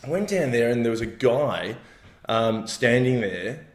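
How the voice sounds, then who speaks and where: An Australian man co-hosting a comedy podcast, laid-back and quick with dry quips. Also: mid-range voice, expressive, echoey room. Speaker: podcast co-host. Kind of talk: casual comedic chat.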